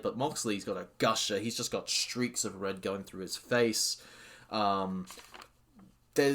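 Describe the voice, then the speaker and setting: Excitable man reviewing wrestling. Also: fairly low pitch. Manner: excitable, hesitant with many ums and restarts. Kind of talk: casual solo review.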